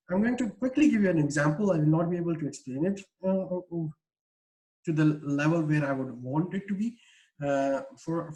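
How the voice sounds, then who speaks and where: This online lecturer, talking through a video call, covers research while restarting sentences and filling pauses with "uh." His voice is fairly high with a warm tone, and the audio is rough.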